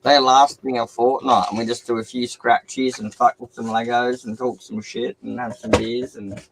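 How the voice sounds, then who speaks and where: A man's voice: mid-range voice, little pitch movement, normal speed, vocal fry, very noisy. Sweary man hosting a stream. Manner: blunt and sweary, calls out scratch ticket results. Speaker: live stream host. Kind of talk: casual live stream chat.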